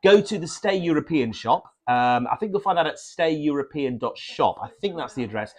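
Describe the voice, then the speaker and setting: A man's voice: a little high, lively intonation, fairly quick, a little mellow. A man from Norfolk co-hosting a live stream, chatty and rambling, often correcting himself. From Norfolk, England. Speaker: livestream co-host. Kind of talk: casual livestream hosting.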